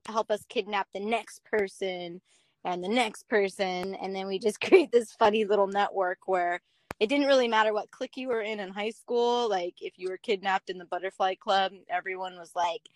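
A young adult woman chatting casually as a podcast guest, telling stories with animated energy. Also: medium pitch, no echo. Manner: animated storyteller, acts out quotes. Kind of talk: casual chat.

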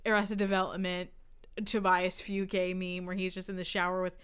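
A woman's voice: on the low side, little pitch movement, normal speed, a bit bright, clear, resonant tone. A young woman co-hosting a podcast, rambling through self-deprecating stories in a casual chat with her friend. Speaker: podcast co-host.

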